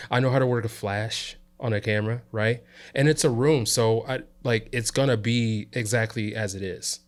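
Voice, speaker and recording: A man from the South Side of Chicago, a guest on an interview show, telling a work story in a relaxed way and checking in with "you know" and "right?". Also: medium pitch, normal speed. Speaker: interview guest, videographer and coach. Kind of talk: casual storytelling chat.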